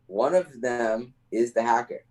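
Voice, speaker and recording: A man's voice: mid-range voice, unhurried, darkish tone, rough recording. A man co-hosting a podcast, explaining himself defensively in casual chat. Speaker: podcast co-host.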